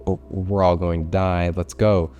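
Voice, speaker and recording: Brief: frantic male boat rescuer, low and mellow, voiced by a man. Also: little pitch movement, a little slow, dull audio, faint music behind. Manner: frantic, pleading.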